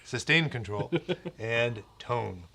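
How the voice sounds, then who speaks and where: A man's voice: medium pitch, expressive, slow, vocal fry, pushed and bright. A man hosting a guitar gear show, talking casually and walking through the settings. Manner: easygoing, explains settings plainly. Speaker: host of a gear demo show. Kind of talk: casual chat.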